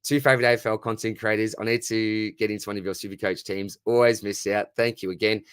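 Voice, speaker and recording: A man's voice: on the low side, steady tone, fast, smooth, no room sound, studio quality. A man with an Australian accent hosting a casual live stream Q&A, reading out chat questions and answering them in a friendly, matey way.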